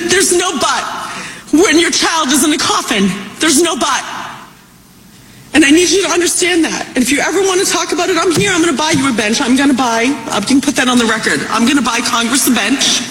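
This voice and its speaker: A woman's voice: high-pitched, a little fast, fairly bright tone, reverberant, rough recording. A woman speaks as a bereaved mother testifying before Congress, earnest and pleading, with strong emotion. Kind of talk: testimony at a hearing. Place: congressional hearing room.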